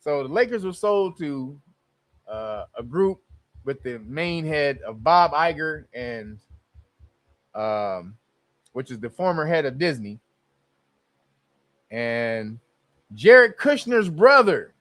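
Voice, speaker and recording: A man's voice: mid-range voice, takes it slowly, pauses often, no echo. A man hosting a live stream, talking casually with lots of profanity and sudden bursts of outrage. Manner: profane, excitable, bursts into loud outrage and laughter.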